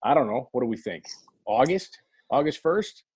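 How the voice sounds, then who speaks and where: A man's voice: medium pitch, animated, moderate pace, a little mellow, slightly rough. A man co-hosting a sports radio talk show, talking hesitantly with many fillers and restarts.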